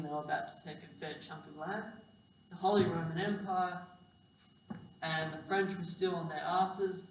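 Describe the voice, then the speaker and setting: A sleep-deprived man giving a casual, rambling history lecture, swearing and correcting himself as he goes. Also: on the high side. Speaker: history presenter. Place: lecture hall. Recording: echoey hall, distant mic, faint hum.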